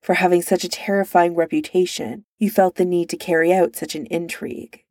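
A woman voicing a proud young male crown prince who talks in a gruff, snappish way while drunk, read from a storybook. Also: fairly low pitch, fairly even intonation, a little fast, a little mellow, no room sound, studio quality, natural voice. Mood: sullen.

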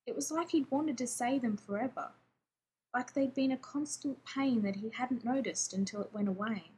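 A woman reading fiction aloud in a steady, even narrating voice. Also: fairly high pitch, normal speed, a little hiss or hum.

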